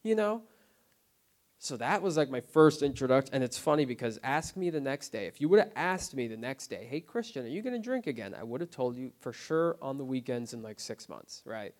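A man of middle pitch speaks openly about his recovery at a group meeting, in a plain, unpolished testimony. His delivery is halting and filled with "like" and "right?", restarting his sentences as he searches for words. He keeps a low, subdued volume that turns earnest. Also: animated. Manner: halting, full of "like" and "you know what I mean", with restarts. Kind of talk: personal testimony, casual and unscripted.

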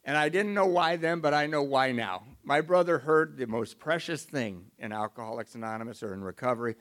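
A man's voice: medium pitch, fairly quick, a bit bright. A middle-aged man giving a confessional, emotional, self-mocking personal testimony as a recovery speaker.

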